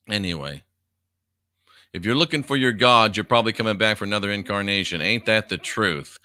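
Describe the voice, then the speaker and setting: A man's voice: fairly low pitch, brisk, bright, forceful tone, no echo. A man in his fifties hosting a live stream, reading viewer comments aloud in a blunt, profane, casual way and laughing often. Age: 50s.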